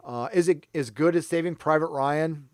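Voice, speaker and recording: A livestream host from San Diego, California chats casually, rambling and poking fun at himself. His voice sits on the high side and moves at a moderate pace. The recording is dry, with clean studio sound.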